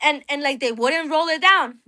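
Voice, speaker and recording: A woman's voice: high voice, moderate pace, sharp tone. A young woman from New Jersey, an interview guest telling an emotional personal story, restarting and repeating words as she talks.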